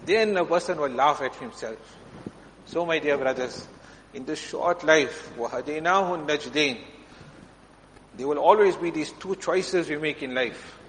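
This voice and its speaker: A man delivers a storytelling sermon, pitched a little higher than most men. He keeps pausing to clear his throat as he moves through his anecdotes. His voice carries a long reverb from the hall, with a faint hum behind it. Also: a bit bright. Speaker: preacher.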